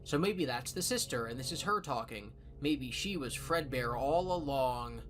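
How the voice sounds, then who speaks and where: A woman narrating a video essay in a measured, analytical way. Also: rumbling low, expressive, over music. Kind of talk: scripted explanatory narration.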